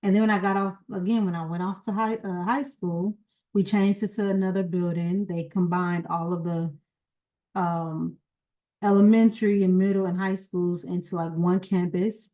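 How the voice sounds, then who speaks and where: A woman hosting her own channel, casually reminiscing in a rambling, chatty way, pausing to search for words and a little sleepy. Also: lowish voice, steady tone, highs cut off. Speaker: genealogy channel founder and host.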